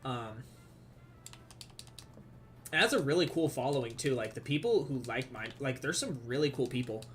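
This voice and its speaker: A man's voice: mid-range voice, lively intonation, normal speed, fairly bright tone, faint music behind. A man from the Southern United States with a Southern accent, chatting casually and cursing a lot while streaming a game, rambling and laughing. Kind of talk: casual gaming stream chat.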